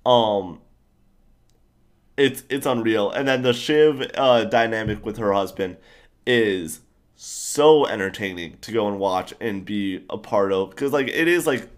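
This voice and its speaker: A young man chatting casually about a TV show, enthusiastic and rambling, with animated outbursts. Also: on the low side, unhurried.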